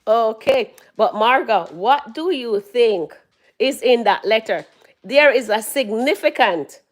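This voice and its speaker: A woman doing casual live-stream commentary on her phone. She chats with her viewers, reads out their comments and breaks into loud laughs. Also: a little high, expressive, takes it slowly. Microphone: phone held at arm's length.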